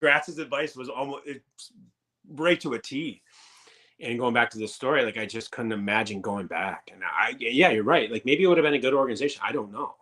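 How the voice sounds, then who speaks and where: A man's voice: medium pitch, fairly quick, bright, forceful tone. A man in his thirties, a former pro hockey player, telling rambling, profane stories in a casual interview. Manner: rambling and profane, many fillers.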